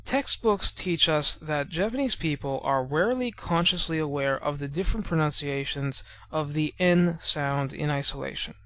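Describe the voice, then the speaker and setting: Male lesson narrator, slightly high voice, patient and explanatory, slows down to sound out examples. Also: fairly bright tone. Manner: measured and explanatory, spells out sounds slowly. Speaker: language teacher narrating a lesson.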